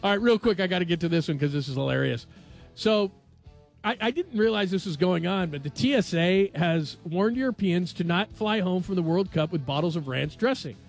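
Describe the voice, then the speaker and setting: A man's voice: sits high, a little fast, vocal fry, soft background music. A man hosting a late-night radio sports show, chatting casually and joking with his co-hosts. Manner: animated, jokey, laughs often.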